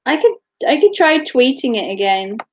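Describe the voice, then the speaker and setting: A woman's voice: high-pitched, dull audio. A woman chatting casually on her live stream, giggling often and swearing freely. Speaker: livestreamer.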